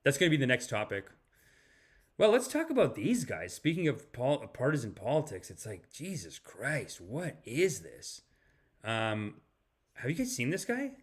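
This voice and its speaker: A man's voice: medium pitch, wildly swooping pitch, moderate pace, slightly rough. A man hosting a live-stream podcast, reacting to videos and chat comments in a rambling way with frequent restarts. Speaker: podcast host.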